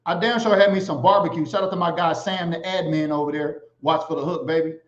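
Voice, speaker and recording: A man hosting a casual livestream, animated and giving shout-outs to viewers. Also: fairly high pitch, fast. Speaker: livestream host. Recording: echoey, slightly dull sound.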